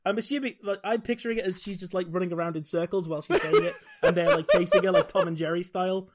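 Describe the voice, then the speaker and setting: A man with a high-pitched voice reads an old fantasy gamebook aloud, sliding in and out of quick put-on voices for the characters. His asides are dry and sarcastic, and he keeps amusing himself as he goes. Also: fairly even intonation, heavy background noise. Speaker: podcast host reading a gamebook aloud. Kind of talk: casual chat, reading aloud with asides.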